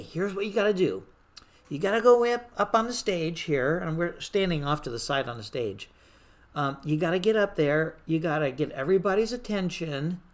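An older speaker telling a personal story about disaster response, animated and acting out the people in it with raised voices. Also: medium pitch.

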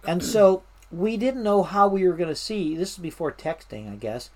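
A woman from Washington State, interviewed as a guest, tells casual stories about her time as a firefighter in a lowish voice. Her anecdotes are animated and easygoing, full of ums, you-knows, stops and restarts, and she imitates the voices of the people she quotes.

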